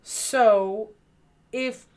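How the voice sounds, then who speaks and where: A woman's voice: on the high side, fairly even intonation, extremely slow, darkish tone. A woman streamer chatting casually as she plays a horror visual novel, reacting aloud and musing on the story. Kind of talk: casual let's-play chat.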